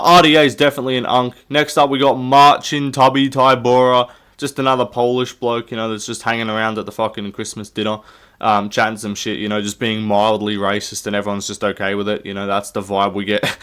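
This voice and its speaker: A man's voice: lowish voice, a bit bright, clean tone. Rambling jokey young man. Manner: rambling, jokey, swears often, laughs at himself. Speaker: YouTube MMA commentator. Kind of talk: casual comedic commentary.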